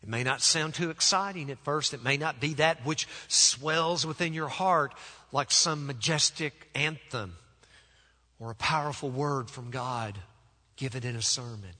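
A man preaching a sermon as pastor. He speaks emphatically, with deliberate pauses, and often drops to soft, low tones. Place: church sanctuary. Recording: long church reverb.

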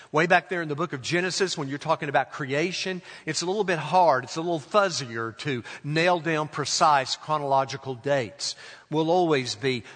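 A male pastor preaching a sermon, telling stories and acting out the voices in them, slowing down for emphasis. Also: medium pitch, a bit bright. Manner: acts out voices in anecdotes, slows for emphasis. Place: church sanctuary. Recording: long hall reverb.

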